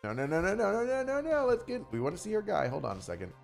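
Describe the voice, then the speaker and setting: A man's voice: sits high, wildly swooping pitch, fast, gravelly, faint music behind. A man giving profane, mocking live-stream commentary on a news video, often bursting into laughter.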